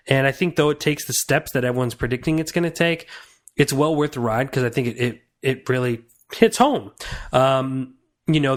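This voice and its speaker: A young man giving a casual, earnest film review on a podcast, rambling and restarting his thoughts. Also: on the high side.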